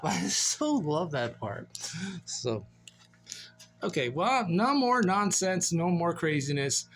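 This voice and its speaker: A man's voice: on the high side, sing-song, measured pace. Goofy, sing-song man rambling outdoors. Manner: goofy, playful, sing-song, laughs often. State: sleepy. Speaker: vlogger. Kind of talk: rambling casual vlog. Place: outdoor yard after mowing. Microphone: phone on a selfie stick.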